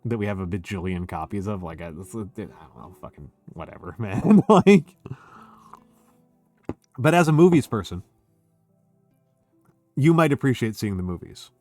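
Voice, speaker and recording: A man's voice: fairly low pitch, expressive, normal speed, long pauses, darkish tone, no room sound, faint music behind. A man chatting casually on a drinking stream, tipsy and hiccuping, rambling and emphatic with lots of fillers. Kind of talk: casual chat.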